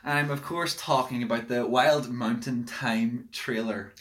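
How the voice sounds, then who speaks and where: Chatty young podcast host. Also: male voice, medium pitch, fairly even intonation, a little slow, fairly bright tone. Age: young adult. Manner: chatty, self-deprecating, easily amused. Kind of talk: casual chat. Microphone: no proper microphone.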